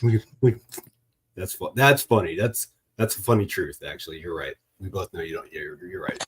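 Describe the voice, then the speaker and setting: A man's voice: low-pitched, lively intonation, moderate pace, a little hiss or hum. Laid-back joking man on a stream. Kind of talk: casual late-night stream chat.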